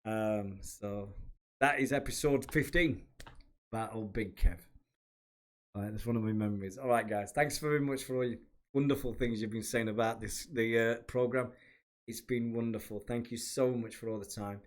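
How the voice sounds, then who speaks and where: A man's voice: medium pitch, fairly even intonation, moderate pace. A man hosting a podcast, reminiscing in a rambling, chatty way. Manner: rambling, chatty, with many restarts. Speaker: podcast host and former kit man. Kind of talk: casual reminiscing monologue.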